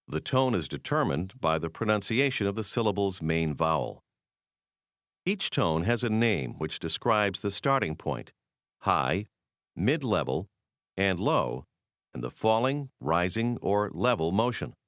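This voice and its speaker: Deep-voiced man narrating a language course. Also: big pitch swings, fairly bright tone, no room sound, studio quality. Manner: measured, explanatory delivery.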